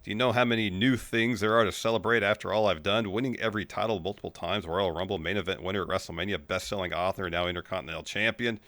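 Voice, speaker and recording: A man co-hosting a casual wrestling recap, walking through matches in steady play-by-play. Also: low voice, quick pace, hardly any pauses, dry recording. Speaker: podcast co-host.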